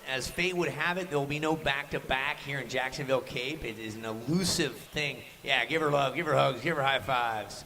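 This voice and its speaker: A man's voice: mid-range voice, moderate pace, hardly any pauses, bright, forceful tone, a little hiss or hum. A man commentating live at a surf contest, upbeat and jokey, hyping up the crowd.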